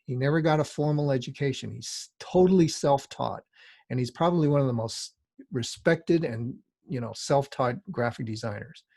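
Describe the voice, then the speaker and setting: Gravelly man telling a rambling anecdote. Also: mid-range voice, normal speed, darkish tone, dry recording, clean studio sound. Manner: rambling, conversational, frequent asides. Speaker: design teacher. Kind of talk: lecture with casual storytelling.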